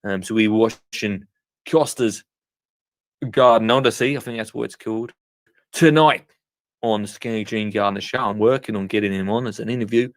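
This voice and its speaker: A man's voice: lowish voice, fairly even intonation, a little fast, no room sound. A man hosting a live gardening call-in show, rambling and laughing at himself in casual chat. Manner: rambling, chuckling, self-mocking.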